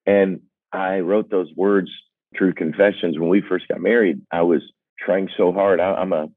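An older man with a deep, low voice shares candid stories in an earnest, self-deprecating way, often stopping and restarting his thoughts. The sound is dry and narrow, like a phone line. He comes across as a singer-songwriter reflecting aloud. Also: fairly even intonation, moderate pace, dry recording. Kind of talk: candid personal storytelling.

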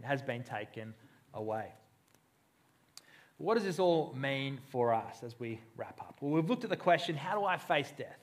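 Male pastor, sermon, conversational delivery, slightly high pitch. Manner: conversational preaching, acts out quoted voices.

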